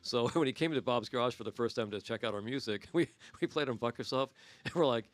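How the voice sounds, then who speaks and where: A man in his sixties rattles off stories at a brisk clip as a podcast guest. His pitch sits in an ordinary middle range, and he keeps breaking into laughter. He acts out the voices of the people in his stories. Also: no room sound. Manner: laughs a lot, acts out quotes. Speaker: guest musician. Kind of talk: casual storytelling chat.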